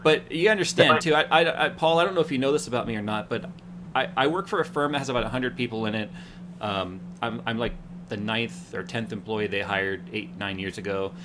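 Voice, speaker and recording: A man hosting a casual tech talk show, telling lively stories and acting out what people said. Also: medium pitch, brisk, background noise. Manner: animated storyteller acting out quotes. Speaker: host. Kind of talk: casual chat.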